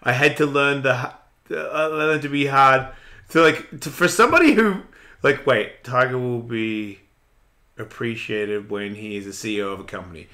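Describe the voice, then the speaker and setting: A man in his forties hosting a radio show, talking in a casual, blunt, profane and animated way. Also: medium pitch, normal speed. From Australia. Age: 40s. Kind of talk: casual chat.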